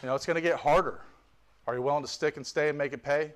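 Fervent preaching man, slightly high. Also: fast. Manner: fervent preaching with joking asides. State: tired. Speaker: visiting pastor. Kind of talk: sermon.

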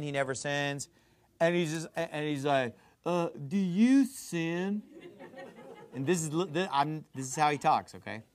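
Male pastor, emphatic sermon, bright high voice with wide swings. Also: no room sound. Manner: emphatic, argumentative preaching.

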